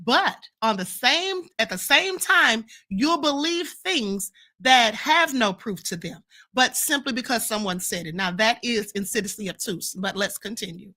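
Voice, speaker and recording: A woman's voice: fairly high pitch, lively intonation, measured pace, sharp tone. A woman hosting a live-stream commentary show, answering viewer comments in an emphatic, lecturing way and often ending points with "okay?" and "ma'am".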